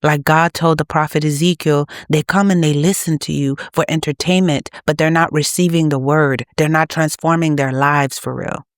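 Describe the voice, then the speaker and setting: A woman's voice: low voice, fairly even intonation, normal speed, few pauses, dry recording, studio quality. A woman preaching to her channel's viewers in an urgent, exhorting manner. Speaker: channel host. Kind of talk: preaching to camera.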